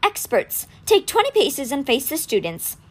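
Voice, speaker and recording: Brief: a woman doing a huge stone statue instructor, booming and slow, raised and lively pitch. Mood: commanding. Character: enormous commanding female stone statue teacher.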